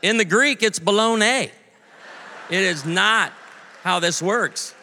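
A man's voice: high-pitched, measured pace, pushed and bright. A man in his forties preaching a sermon, telling stories with comic voices and asides to the audience. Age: 40s. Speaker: pastor. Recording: long hall reverb.

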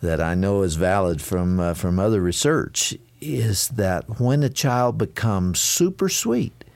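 Low-voiced male interview host. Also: expressive, a little slow, gravelly. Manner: conversational, prompting with questions and short agreements. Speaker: radio host. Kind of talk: radio interview.

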